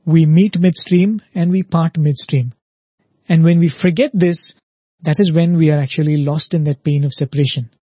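A man's voice: fairly high pitch, steady tone, moderate pace, mellow, breathy edge, no room sound, muffled recording. A man giving an earnest spiritual discourse on a show, telling parables and often asking "right?". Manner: earnest, repetitive "right?" checks, storytelling.

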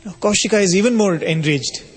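A man giving a spiritual talk, telling a story in a measured, explanatory way. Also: high-pitched, slightly rough. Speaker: spiritual speaker. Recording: long reverb of a hall.

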